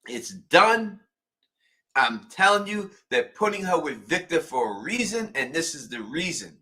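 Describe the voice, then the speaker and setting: A man co-hosting a show, talking in an animated, emphatic way and repeating his points. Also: a little high, unhurried. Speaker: podcast co-host. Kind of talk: casual chat.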